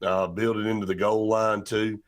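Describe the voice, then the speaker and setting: A man's voice: lowish voice, level tone, normal speed. Rambling sports talk host man. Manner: rambling, many restarts and fillers.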